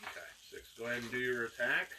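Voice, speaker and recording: A man's voice: mid-range voice, quick pace. A man narrating as game master, rambling with many fillers and breaking into acted outbursts. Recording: distant mic with faint noise.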